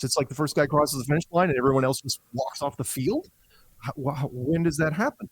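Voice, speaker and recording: Husky-voiced man telling animated stories. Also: on the high side, fast talker, no echo, rough recording. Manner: animated storyteller acting out quoted voices. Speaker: podcast guest. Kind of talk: conversational explanation.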